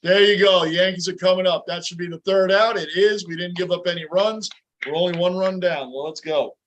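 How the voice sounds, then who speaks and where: A man hosting a live baseball watch-along chat. He talks in an animated way and yells when big plays happen. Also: high voice, fairly quick, highs cut off. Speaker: host.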